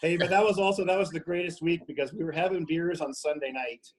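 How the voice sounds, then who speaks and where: Guy teasing buddies on a podcast, kinda high, exaggerates stuff. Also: steady tone, fast, crowd noise, poor audio. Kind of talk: casual podcast chat.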